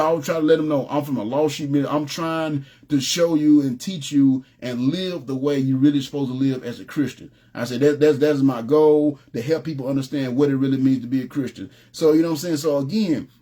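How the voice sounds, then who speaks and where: A man preaching an informal sermon, telling stories in a relaxed, streetwise way and often asking "you know what I'm saying". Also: fairly high pitch. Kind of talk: conversational sermon with storytelling.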